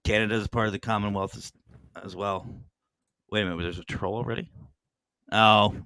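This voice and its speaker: A man hosting a podcast in casual chat, joking and swearing freely as he tells animated stories. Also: on the low side, a little fast, clean tone, dry recording. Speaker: podcast host.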